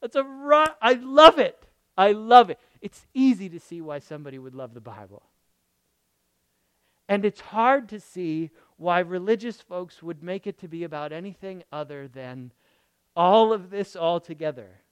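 A man preaching a sermon in a lively, conversational way, reading scripture aloud and asking the congregation rhetorical questions. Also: high-pitched, normal speed, smooth, no echo. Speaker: pastor.

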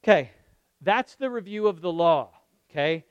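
Male pastor, casual sermon delivery, smooth resonant voice, loud punches and hushed asides, checks in with listeners. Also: high voice, moderate pace, dry recording, muffled recording. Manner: swings from loud emphatic lines to quiet murmured asides; checks in with the audience, asking okay and right. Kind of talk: conversational sermon.

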